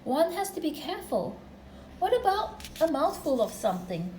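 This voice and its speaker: A woman's voice: sits high, very animated, moderate pace, a little mellow, roomy sound, a little hiss or hum, pitched above the performer's own voice, rough recording. A woman reading a storybook and voicing a fussy, polite, cautious male rabbit who speaks in a prim and precise way.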